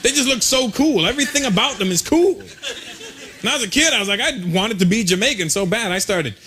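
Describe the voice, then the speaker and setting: A male stand-up comedian on stage, telling animated, mocking stories and slipping into voices. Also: high voice, fairly quick. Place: on stage before a live audience. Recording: live stand-up recording, loud background noise.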